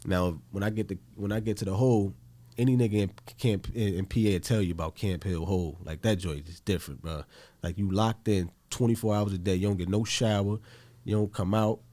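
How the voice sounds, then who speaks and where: Guy from newark telling a story, low voice, kinda mellow, cusses a lot, acts out the people he quotes. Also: steady tone, fairly quick. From Newark, New Jersey. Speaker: podcast guest. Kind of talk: casual storytelling.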